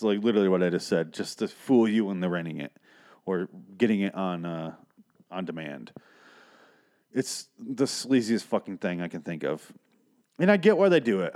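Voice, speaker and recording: Profane ranting man, lowish voice. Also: a little mellow. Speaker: podcast host. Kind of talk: casual movie review rant.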